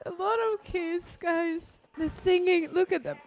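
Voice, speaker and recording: Female reaction host, high voice, unhurried, emotional and exclaiming. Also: fairly even intonation, gravelly, soft background music. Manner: exclaiming and addressing viewers as guys. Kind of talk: emotional movie reaction commentary.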